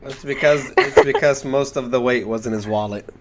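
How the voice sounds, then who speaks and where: A man co-hosting a podcast, chatting casually and cracking teasing jokes. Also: mid-range voice. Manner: joking, quick teasing quips. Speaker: podcast co-host. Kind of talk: casual chat. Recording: loud background noise.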